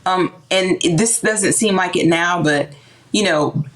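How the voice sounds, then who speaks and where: Woman, low voice, animated, casual talk, acts out voices. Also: takes it slowly, rough recording. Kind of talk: casual conversational discussion.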